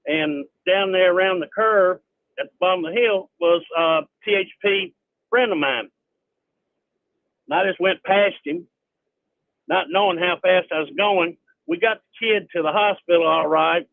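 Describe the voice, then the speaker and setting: A man's voice: high voice, unhurried, no room sound. An older man calling into a radio show, telling a story in a plain, matter-of-fact way. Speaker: caller. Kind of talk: phone-in storytelling. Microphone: phone. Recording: tinny phone line.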